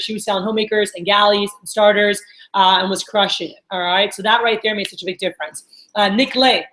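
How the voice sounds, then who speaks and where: A woman's voice: mid-range voice, fairly bright tone, roomy sound, low-quality recording. A woman training a sales team, talking in an upbeat coaching way and often checking in with her listeners. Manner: upbeat, coaching, lots of "all right?" check-ins. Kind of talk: training talk to a group.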